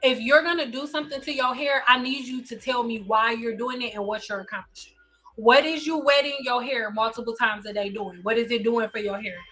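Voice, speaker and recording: A woman's voice: a little high, a little fast, fairly bright tone. A woman hairstylist hosting a live stream, giving blunt, insistent advice and repeating pointed questions.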